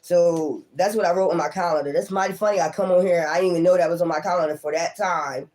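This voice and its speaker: A man giving a casual tarot reading, talking straight to viewers with lots of swearing and laughter, and acting out their thoughts in quick asides. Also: high-pitched, steady tone, darkish tone. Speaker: tarot reader.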